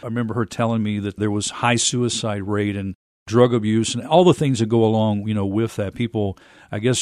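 A man hosting a radio interview, asking measured questions with long setups. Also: on the low side, darkish tone, dry recording, clean studio sound. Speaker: radio show host.

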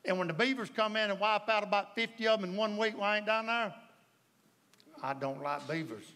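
A man's voice: high voice, brisk, sharp tone. A man with a Southern US accent preaching a sermon as pastor, folksy and storytelling, often asking the congregation if they follow.

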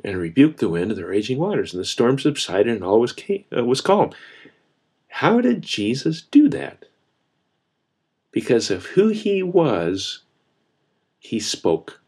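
A man's voice: medium pitch, darkish tone, husky. A man preaching a sermon as a pastor, earnest and repeating key phrases for emphasis.

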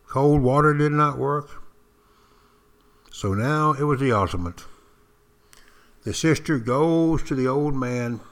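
Older man, ex-Marine, folksy storyteller, dramatic pauses, talks straight to listeners, middle pitch.

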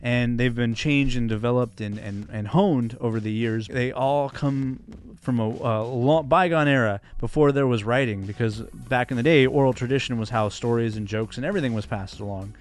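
A man's voice: medium pitch, normal speed. A man hosting a casual monologue about comedy, earnest and enthusiastic, with plenty of fillers. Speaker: host, comedy editor and stand-up comic.

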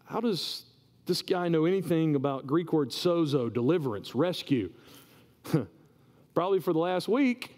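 A male pastor giving a sermon in a conversational, animated way, often repeating words as he goes. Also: on the high side, a little slow. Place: church. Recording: reverberant church hall.

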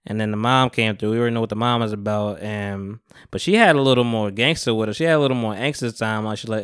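A man's voice: fairly low pitch, fast talker, a bit bright, clear, resonant tone, no echo, clean studio sound. A young man hosting a podcast, talking in a loose, rambling way with plenty of slang and cursing. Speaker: podcast host. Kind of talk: casual chat.

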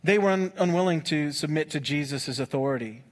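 A man preaching a sermon in a conversational, humorous way, with quick asides to the congregation. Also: fairly high pitch. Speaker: pastor.

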